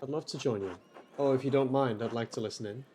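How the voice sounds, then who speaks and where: A man's voice: medium pitch, fast talker, darkish tone, a little hiss or hum. A man playing a game with a friend, reading character lines aloud in a mock-formal tone. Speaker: co-player. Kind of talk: casual game playthrough chat, reading dialogue aloud.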